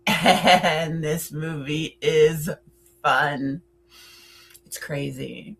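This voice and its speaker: A woman's voice: low voice, fairly even intonation, extremely slow, vocal fry, pauses often. A woman hosting a playful, chatty countdown of horror films, with theatrical asides. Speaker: horror film reviewer. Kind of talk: casual film countdown chat.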